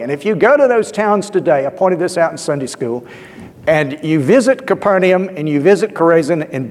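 In a church with long reverb, a male pastor delivers a sermon conversationally, telling stories with asides and filler words. His voice sits high and is a little mellow.

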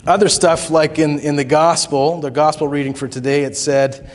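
A man's voice: on the high side, fairly even intonation, moderate pace. A man preaching a sermon as pastor, conversational, with asides and small chuckles. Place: church sanctuary. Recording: long reverb of a hall.

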